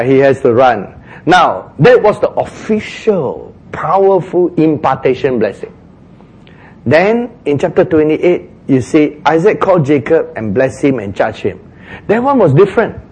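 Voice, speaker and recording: A man preaches a sermon at an unhurried pace, his voice sitting a little high for a man. He tells the story with animated asides and quick chuckles. He leans on repeated phrases to drive his points home. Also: husky.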